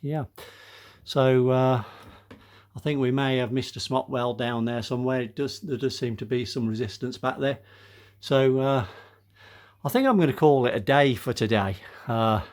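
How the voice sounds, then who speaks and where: In a mid-range, darkish voice at normal speed, an older car restoration vlogger narrates his repair job in a relaxed workshop vlog. He's short of breath, chatty, full of "uh" fillers, and talks to his viewers as "guys."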